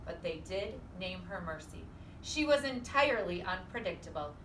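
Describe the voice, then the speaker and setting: A woman preschool teacher who talks in an animated, singsong, encouraging way, with a bright voice that leaps up and down. She is heard from a distance in an echoey room with faint hiss. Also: fairly low pitch, moderate pace. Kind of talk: storybook read-aloud and class game.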